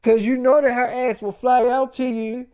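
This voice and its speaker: A man's voice: very high voice, flat delivery, moderate pace, mellow, smooth. A man telling a personal story in a loose freestyle monologue, rambling and swearing in casual slang.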